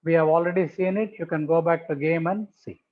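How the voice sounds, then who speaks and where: A man's voice: a little high, fairly even intonation, fairly quick. Man lecturing pathology, tinny phone-like sound. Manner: methodical, repeats key terms for emphasis. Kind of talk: explanatory medical lecture over slides.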